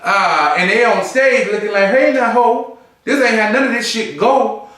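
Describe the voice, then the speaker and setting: A man chatting through a review in a campy, sassy manner, his voice high and bright. It rings out in a very echoey room, picked up from a little way off the mic. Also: normal speed, recorded from a distance. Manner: campy, sassy, animated, full of asides and mimicry. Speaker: drag show reviewer. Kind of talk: casual review chat. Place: room, seated on a stool.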